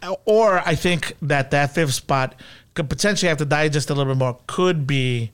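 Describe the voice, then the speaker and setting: A man's voice: fairly high pitch, clear, resonant tone. A man on a film talk show, telling personal stories with enthusiasm. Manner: enthusiastic storyteller, quick restarts. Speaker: guest film commentator. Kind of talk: casual chat about films.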